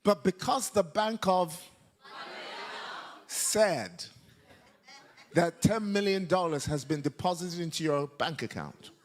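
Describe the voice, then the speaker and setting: A man preaching a lively sermon to a church congregation, shouting and leading call-and-response. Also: fairly high pitch, slow, pauses often.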